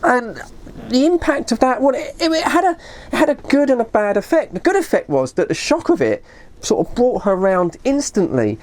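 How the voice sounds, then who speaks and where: A woman's voice: on the high side, sing-song, moderate pace, a little mellow. A woman telling a long story in a casual, rambling way, often correcting herself and saying "you know". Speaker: vlogger.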